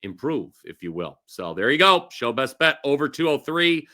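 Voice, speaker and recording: Male betting-show host, bright tone, upbeat and jokey. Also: medium pitch, sing-song, normal speed. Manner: upbeat, jokey, laughs easily. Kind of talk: casual sports betting talk.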